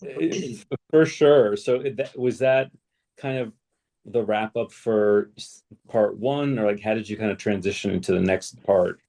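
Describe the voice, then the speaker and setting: Male co-host, very low and creaky voice, reflective, halting delivery. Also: dark tone. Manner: hesitant, reflective, with restarts. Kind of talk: casual conversation.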